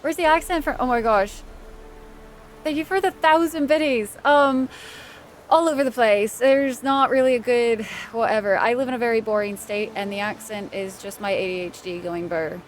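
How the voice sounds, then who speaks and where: Over faint game music, this streamer talks casually with her viewers as she plays, laughing easily and thanking people by name. She speaks on the high side at a moderate pace, with slight background noise.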